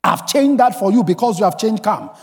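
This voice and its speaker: Man, high-pitched pastor preaching in a church hall with long reverb; emphatic, breaks into song and shouts. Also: very animated, brisk. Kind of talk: sermon.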